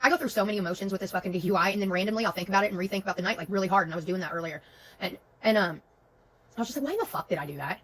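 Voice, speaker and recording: A woman telling a story to her stream viewers in a profane, animated way. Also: medium pitch, rapid-fire, poor audio. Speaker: livestream host.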